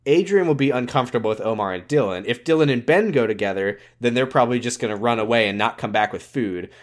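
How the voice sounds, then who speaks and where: A man's voice: mid-range voice, fast talker. A man co-hosting a podcast, casually recapping a show in a rambling, joking way with plenty of swearing. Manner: rambling, profane, joking retelling. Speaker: podcast co-host.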